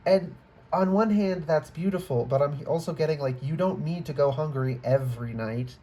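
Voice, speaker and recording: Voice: mid-range voice, lively intonation, normal speed, mellow. A tarot reader giving a casual, rambling reading to camera indoors, often trailing off, restarting and becoming emotional. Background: faint computer fan hum.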